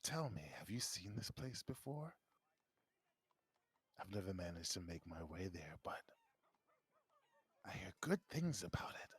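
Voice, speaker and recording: A man's voice: no room sound, exaggerated voice. A man doing a whispering, lore-hungry adventurer. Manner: low breathy whisper, slow musing. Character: hushed, bookish male adventurer who loves lore.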